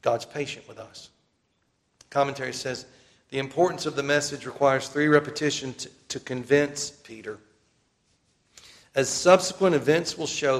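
Gravelly-voiced male preacher. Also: medium pitch. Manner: earnest, emphatic repetition, slows down for key phrases. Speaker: pastor. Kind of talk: sermon.

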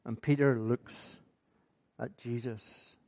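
A man's voice: mid-range voice, steady tone, takes it slowly, warm tone. A man preaching a sermon in a church, earnest and building in force, often repeating his phrases. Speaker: pastor.

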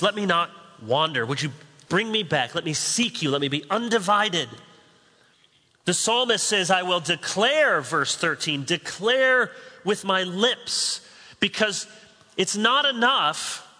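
A man's voice: sits high, pushed and bright. A man preaching a sermon as pastor, conversational with humorous asides, recorded in a large church sanctuary. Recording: long hall reverb.

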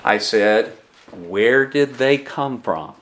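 A man's voice: mid-range voice, expressive, slow, noisy background. A man preaching a sermon who keeps asking the congregation questions.

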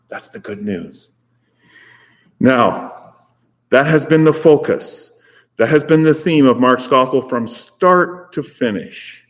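A man delivering a sermon at an unhurried, deliberate pace. His voice sits at a middle pitch and moves between loud, emphatic climbs and quiet, low phrases. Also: animated. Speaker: preacher.

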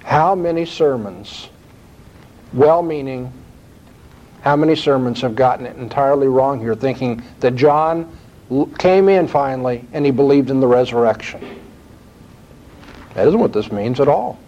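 A man preaching a sermon, quoting scripture and climbing in pitch to stress his points. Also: moderate pace, pauses often. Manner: expressive, rising emphasis when quoting scripture. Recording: dull lo-fi recording.

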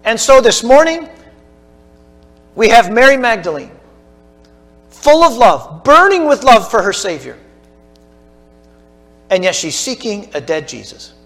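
A man preaching a sermon in a church, his voice sitting a little high for a man. He swells into emphatic lines, then drops to soft, hushed asides to the congregation. Faint music plays behind him. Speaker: pastor.

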